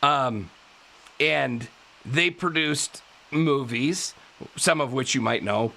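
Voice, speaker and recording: A male podcast host telling a true-crime story in a casual way, animated, laughing often and tripping over his words. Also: medium pitch, slow pace, creaky. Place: live podcast studio.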